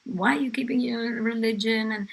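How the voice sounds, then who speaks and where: A woman's voice: on the high side, fairly even intonation, normal speed, creaky, husky, pitched above the performer's own voice. A woman voicing a harsh, tall female police officer who threatens a family. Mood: scornful. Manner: scornful, threatening.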